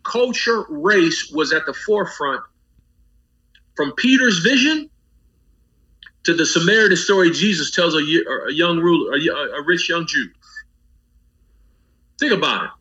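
A man's voice: on the high side, bright, forceful tone. A man, a pastor, speaking as a guest with a preacher's rhythmic cadence, building emphasis through lists and rising repetition. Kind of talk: impassioned guest commentary on a talk program. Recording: dull lo-fi audio.

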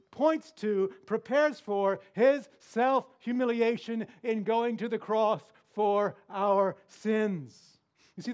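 A man preaching a sermon as pastor, with deliberate emphasis and rhetorical questions to the congregation. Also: high voice, darkish tone.

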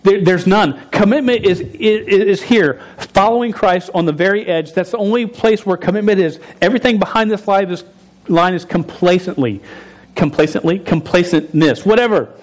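Male preacher, fairly high voice, emphatic and animated delivery from the pulpit. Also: moderate pace. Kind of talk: sermon. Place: church service.

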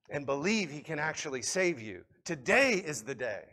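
A man preaching a sermon to a congregation, swinging between loud appeals and quiet reflection. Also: fairly high pitch, big pitch swings, normal speed. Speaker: pastor.

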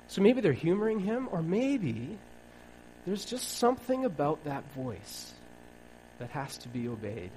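A man's voice: on the high side, big pitch swings, normal speed, darkish tone, slight background noise, poor audio. A man preaching a sermon in a wry, conversational way, acting out bits of dialogue.

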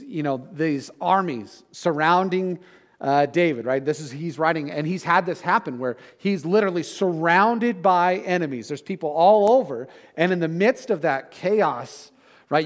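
Middle-aged guy preaching a sermon, kinda high voice, chatty, keeps saying right?. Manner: conversational preaching with frequent "right?" asides. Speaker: pastor.

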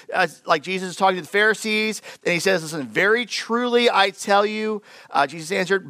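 A man preaching a sermon to his church in a conversational, animated way with lots of fillers. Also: high voice, dry recording. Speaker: pastor.

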